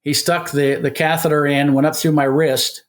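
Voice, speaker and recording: A man in his seventies, a guest, tells his story to an interviewer at a moderate pace. His voice sits a little high, and he's an animated storyteller, acting out both sides of the conversations he recounts.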